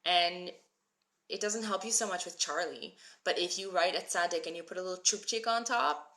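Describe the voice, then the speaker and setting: A woman in her thirties, who moved to Israel as an adult, hosts a live-stream Hebrew reading class. Her voice is lowish and fairly bright, at a normal speed, as she reads viewer comments and answers people by name.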